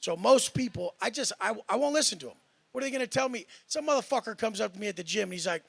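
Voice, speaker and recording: A man's voice: high voice, animated, fast talker, vocal fry, a bit bright. A man in a heated panel debate, talking in a profane, boastful and combative way. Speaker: panel guest.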